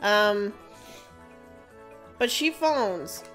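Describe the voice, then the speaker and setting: A woman's voice: medium pitch, very slow, faint music behind. A young woman co-hosting a let's play, chatting casually and telling stories with a lot of swearing. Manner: swears a lot, animated storytelling. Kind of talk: casual gameplay chat.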